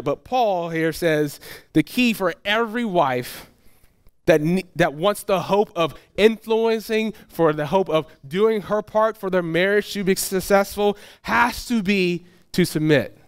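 A man preaching a sermon in a relaxed, conversational way, often restarting his phrases and slipping into quick acted asides. His voice sits a little high for a man and sounds smooth and clear. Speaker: pastor.

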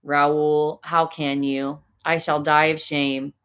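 A grave young woman singer pleading low and earnest, as a woman narrator voices her in a storybook. The voice sits deep and steady. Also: slow, clear, resonant tone.

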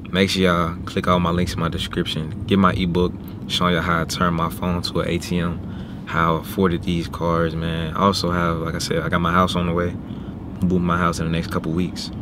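Low-voiced young man vlogging from a car. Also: monotone, a little fast. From Little Rock, Arkansas. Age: 20s. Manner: reflective, slangy, addresses viewers as family. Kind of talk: casual vlog talk to viewers. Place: inside a car. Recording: noisy car interior.

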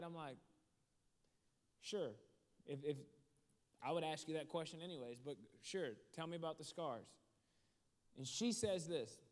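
A man telling a story as a motivational speaker, shifting from animated to hushed. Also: a little high, a little fast, long pauses. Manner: animated storytelling that drops to a hushed voice for serious moments. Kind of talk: storytelling sermon. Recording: long hall reverb.

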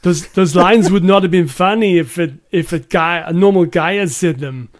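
A man's voice: sits high, moderate pace, natural voice. A man doing a bad action-star impression. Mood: boastful. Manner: exaggerated, self-mocking impression. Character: gruff muscle-bound male action star, boastful.

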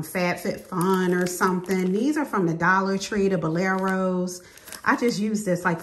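A woman chatting casually to camera as a beauty vlogger, laughing often and calling her viewers "girl", sitting in her home bathroom. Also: mid-range voice.

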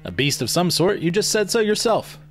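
A man's voice: high-pitched, big pitch swings, a little fast, soft background music, voice pushed up. A man voicing a bored, sarcastic young man who brushes off his friend's news. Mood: sarcastic, dismissive. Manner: dry, sarcastic, dismissive.

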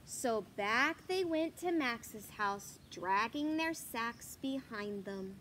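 A woman reading a children's picture book aloud, animated and asking the listener questions. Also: on the high side, slow pace, slight background noise. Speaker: storyteller.

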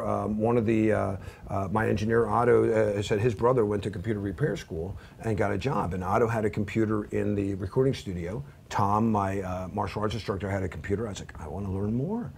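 A man's voice: lowish voice, gravelly, darkish tone, a little hiss or hum. A man in his fifties giving an informal, rambling training lecture, full of asides and self-deprecating jokes. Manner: rambling anecdotal, self-deprecating, many fillers and restarts. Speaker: cybersecurity instructor.

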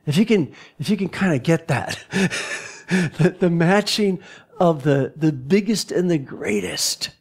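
A male pastor giving a sermon in a church, halting and repeating words as he searches for his phrasing. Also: a little high, expressive, slightly rough. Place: church sanctuary.

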